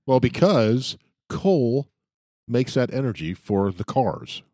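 A man's voice: medium pitch, very animated, slow pace, mellow, no room sound, studio quality. A man co-hosting a podcast in casual banter, tossing in short wry interjections. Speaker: podcast co-host.

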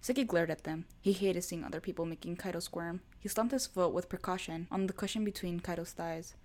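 A woman narrating a fan story in a steady storytelling manner. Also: fairly low pitch, fairly quick. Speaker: podfic reader. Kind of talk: scripted narration.

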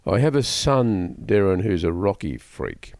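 A man's voice: low voice, very animated, a little slow, darkish tone, no room sound, clean studio sound. A man interviewing a guest, prompting him with questions and hesitating at times.

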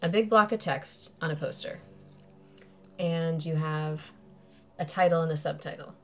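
A woman's voice: deep voice, a little slow, faint music behind. A woman hosting a podcast, explaining a topic in casual, rambling chat. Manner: rambling, laughs often, uses filler "like". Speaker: podcast host.

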